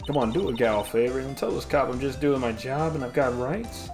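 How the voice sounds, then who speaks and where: A man's voice: medium pitch, fairly quick, natural voice. A man voicing a pushy, brash woman reporter in a put-on Southern US accent while reading game dialogue over game music. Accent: fake Southern US. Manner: brash, demanding. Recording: game music playing behind.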